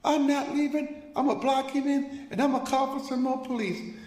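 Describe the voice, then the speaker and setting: Man voicing a shrill yelling woman, insistent, echoey room. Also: steady tone, fairly quick, a little hiss or hum. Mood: defiant. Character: angry demanding middle-aged woman.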